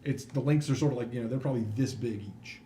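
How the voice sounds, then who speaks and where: A man's voice: medium pitch, quick pace, mellow. A man narrating a tabletop game as game master, in a casual, rambling way with many fillers. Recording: roomy mic with faint noise.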